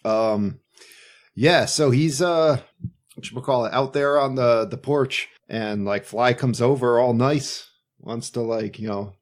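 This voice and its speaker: Casual male podcast co-host, mid-pitched, rambling film recap with put-on character lines. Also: unhurried. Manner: rambling, acts out characters with swearing.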